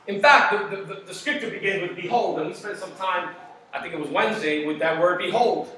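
Brief: male pastor, emphatic and playful, bright voice, recorded from afar in a reverberant hall. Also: sits high, a little fast. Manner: animated, jokey, emphatic with sudden loud bursts. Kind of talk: sermon. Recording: echoey hall, distant mic.

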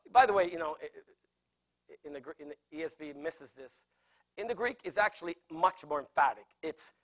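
A man's voice: a little high, a bit bright. A man preaching a sermon, earnestly explaining scripture and repeating phrases for emphasis. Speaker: pastor. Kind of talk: sermon teaching.

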